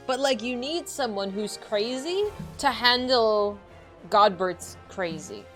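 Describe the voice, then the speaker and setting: Giggly, animated woman streamer. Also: fairly high pitch, slow pace, faint music behind. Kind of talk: casual game-stream chat.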